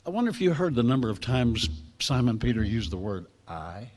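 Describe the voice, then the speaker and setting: Lively storytelling male preacher. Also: mid-range voice, brisk. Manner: lively storytelling preacher, acts out voices in quotes. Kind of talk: sermon to a class.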